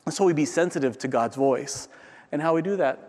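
High-voiced preacher in a reverberant hall. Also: male voice, brisk. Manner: conversational, swings from loud peaks to near-whisper; frequent tag question "right?". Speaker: pastor. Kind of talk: sermon.

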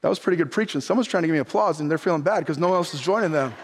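High-voiced pastor preaching in a hall. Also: male voice, racing, breathy edge. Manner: impassioned preaching, rising to near shouts then dropping low. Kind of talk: sermon. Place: church sanctuary. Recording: long reverb of a church hall.

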